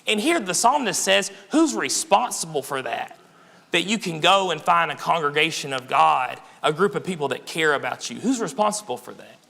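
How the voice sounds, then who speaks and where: A young man preaches in a church, speaking conversationally and often checking in with the congregation. His voice sits high and carries a gravelly rasp. It rings out in a hall with a long reverb. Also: expressive, normal speed, sharp tone. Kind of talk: sermon. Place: church sanctuary.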